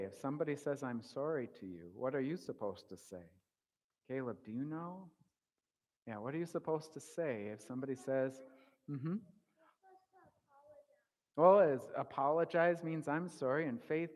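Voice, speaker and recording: A pastor talks with children in a reverberant church, his voice pitched a little high. He tells a lively story and acts out his own shouting. The sound rings with the long echo of the sanctuary. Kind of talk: children's sermon.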